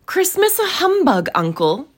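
A woman reading a storybook aloud, voicing a cheerful young man in a much higher and louder voice, bright and exclamatory. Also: big pitch swings, slow, breathy edge, exaggerated voice.

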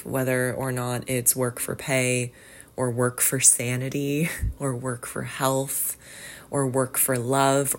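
A woman hosting a poetry reading, reading poems aloud and musing on them in an unhurried, reflective, conversational way. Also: a bass voice. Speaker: podcast host reading poems.

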